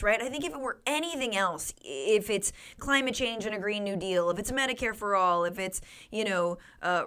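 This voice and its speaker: A woman's voice: medium pitch, a bit bright. A woman in casual political chat, talking bluntly and sarcastically and swearing freely. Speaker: podcast guest.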